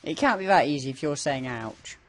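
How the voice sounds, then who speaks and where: A man with a rather high voice hosts a co-op gaming session, full of playful jokes. His pitch swings a lot as he talks. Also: expressive, a little fast. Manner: joking, playful banter. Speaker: host. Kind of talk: casual co-op gaming commentary.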